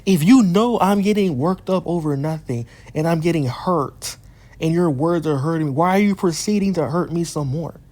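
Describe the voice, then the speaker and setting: A man's voice: a little high, normal speed, darkish tone. A man talking straight to his viewers in a heated monologue, firing off rhetorical questions, swearing, and repeating himself as he works through his frustration. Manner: restarts and repeats phrases while worked up. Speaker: YouTuber addressing his community.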